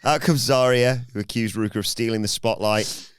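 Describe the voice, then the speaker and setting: A man's voice: mid-range voice, fairly even intonation, normal speed, clear, resonant tone. A man co-hosting a podcast, reading out a recap with plenty of ums and uhs. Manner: reads recap with fillers, um and uh. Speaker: podcast co-host.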